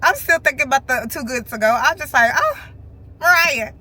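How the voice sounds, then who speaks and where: A woman with telling a casual storytime vlog from her car, acting out other people's lines in an animated way. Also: sits high, moderate pace. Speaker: vlogger. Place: parked car.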